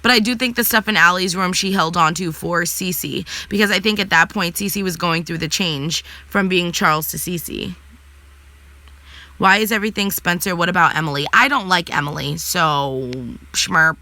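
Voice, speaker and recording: Young woman vlogger, sassy and blunt, bright tone, dry close sound. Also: fairly low pitch, normal speed, dry recording. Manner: blunt, sassy, swears freely. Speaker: vlogger answering live chat. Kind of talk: casual live chat.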